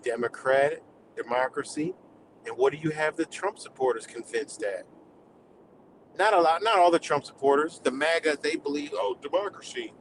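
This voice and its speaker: A man's voice: on the high side, normal speed, slight background noise, rough recording. Heated, profane man ranting. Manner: heated, profane, rambling rant. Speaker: live streamer. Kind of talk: live rant stream.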